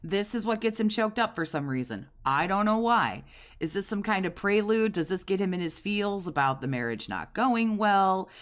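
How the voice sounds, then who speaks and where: A woman's voice: medium pitch, lively intonation, normal speed. A woman in her forties giving crude, sarcastic, scornful commentary over clips. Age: 40s.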